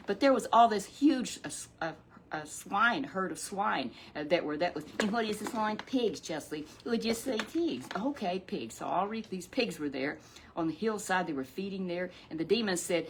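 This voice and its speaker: A woman telling a Bible story to a puppet, in an animated, rambling way with drawn-out emphasis. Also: on the low side, slight background noise.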